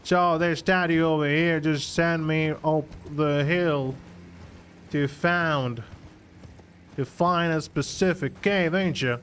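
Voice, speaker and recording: A man voicing a gruff Old West cowboy with a swaggering drawl. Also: on the high side, fairly even intonation, slow, fairly bright tone, a little hiss or hum.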